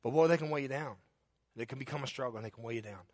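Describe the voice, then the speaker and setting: A man's voice: medium pitch, racing. A man preaching a sermon as pastor, with an emphatic, repetitive cadence and earnest, personal asides to the congregation. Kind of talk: sermon with altar call.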